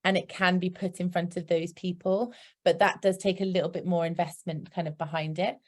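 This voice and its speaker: A woman's voice: fairly low pitch, little pitch movement, fairly quick. A woman with a British accent presenting a marketing workshop in an upbeat, practical way, with chatty asides. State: hiccuping. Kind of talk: instructive presentation.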